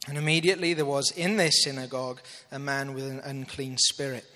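A man's voice: medium pitch, level tone, fairly quick, pushed and bright, in a large hall. A man preaching a sermon in an earnest manner, checking that listeners follow and reading scripture aloud. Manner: earnest, asks audience to follow along.

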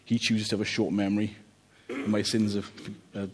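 A man preaching a relaxed, conversational sermon, joking about family life and often checking in with "okay?". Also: on the low side, fairly quick, husky. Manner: chatty, jokey, checks in with "okay?".

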